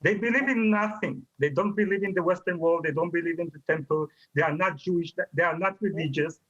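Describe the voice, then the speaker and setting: A man's voice: fairly high pitch, fairly quick, a bit bright, dull audio. A man, a rabbi in a heated televised debate, making blunt, emphatic short declarations.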